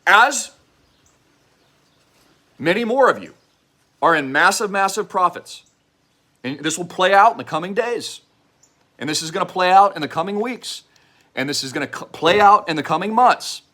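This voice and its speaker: A man delivering a fervent, preachy direct-to-camera investment pitch, repeating slogans and at times shouting them. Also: expressive, moderate pace, pauses often. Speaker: online show host pitching an investment project.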